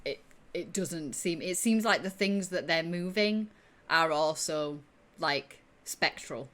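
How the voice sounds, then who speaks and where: A woman narrates a tabletop game as its game master. Her voice sits a little low, and she talks in a loose, chatty way, full of likes and ums. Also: slow pace, fairly bright tone.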